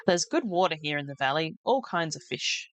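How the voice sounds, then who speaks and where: A woman's voice: low voice, animated, normal speed, dry recording. A woman voicing a friendly, folksy old male fisherman from a farming video game, reading his lines in her own voice. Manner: easygoing, homespun sayings.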